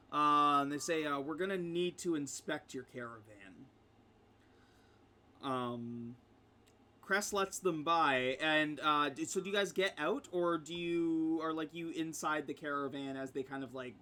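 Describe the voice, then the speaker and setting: A man's voice: fairly high pitch, bright, forceful tone. A man narrating as game master for a tabletop game, with frequent ums and easy laughter. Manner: laughs often, many ums.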